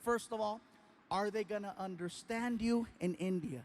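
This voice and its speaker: A man's voice: sits high, moderate pace, slight background noise. A man performing a stand-up comedy routine, telling a story with animation and acting out other people.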